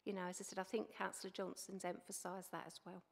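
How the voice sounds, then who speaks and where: A woman council officer giving measured, reassuring explanations at a committee meeting. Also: mid-range voice, little pitch movement, gravelly, in a large hall. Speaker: council children's services officer.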